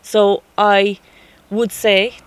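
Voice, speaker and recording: A woman's voice: medium pitch, little pitch movement, very slow, clear, resonant tone. A middle-aged woman with an Irish accent, a mature student talking frankly and chattily in an interview. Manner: frank and chatty, acts out quoted exchanges. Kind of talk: interview answers.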